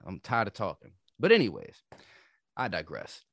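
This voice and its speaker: A man's voice: on the low side, huge pitch swings, moderate pace, a bit bright, no room sound, studio quality. A man on a casual podcast telling stories from his day, profane and acting out the people in them. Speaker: podcast co-host. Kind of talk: casual storytelling chat.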